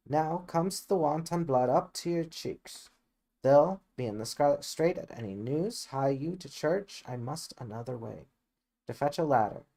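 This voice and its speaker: A man's voice: fairly high pitch, a little mellow. A man voicing a talkative, bustling middle-aged nurse in an amateur reading of a Shakespeare play.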